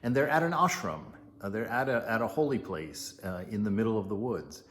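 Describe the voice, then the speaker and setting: A man giving a casual spiritual teaching, retelling a legend as an animated storyteller. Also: on the low side, brisk, slight background noise. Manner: animated storyteller, chuckling asides.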